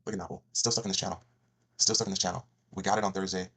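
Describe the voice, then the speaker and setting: A man's voice: low-pitched, fairly even intonation, very fast, creaky, bright, forceful tone, husky. A man hosting a trading channel, walking through his week's trades on a chart, emphatic and repeating key phrases. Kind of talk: screen-share trade recap.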